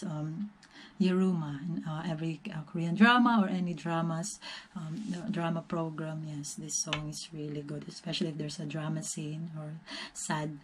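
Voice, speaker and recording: A young woman chatting casually in a reaction vlog, soft-spoken and emotional, giggling often between filler-heavy phrases. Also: deep voice, a little hiss or hum. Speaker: reaction vlogger.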